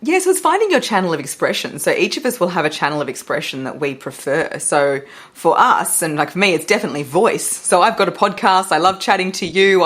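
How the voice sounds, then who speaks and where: Low-voiced, expressive woman coach. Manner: animated, expressive, laughs often. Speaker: voice and public speaking coach, guest. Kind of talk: podcast interview chat.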